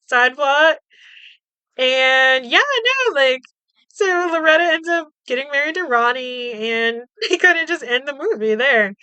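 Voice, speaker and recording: A woman's voice: sits high, sharp tone, clear, resonant tone, no echo. A woman podcast host casually recapping a movie, chatty and swearing, laughing as she acts out the characters' lines.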